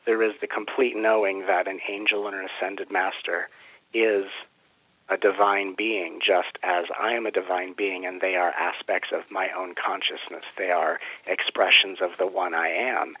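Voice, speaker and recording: Man, interview guest, earnest flowing talk, husky voice, dry sound. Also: deep voice, steady tone, a little slow, dry recording. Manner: earnest, flowing mystical explanations. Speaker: spiritual teacher and guest. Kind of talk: interview answers. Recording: tinny phone-like line.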